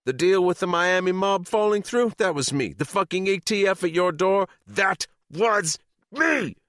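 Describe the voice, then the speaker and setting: A man's voice: mid-range voice, lively intonation, normal speed, fairly bright tone, dry recording, studio quality, pitched above the performer's own voice. A man voicing a furious, vengeful mother held captive for decades, who shrieks her accusations in an audiobook. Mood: screaming, vindictive. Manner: shrieking, bitter, trembling. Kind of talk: audiobook character reading.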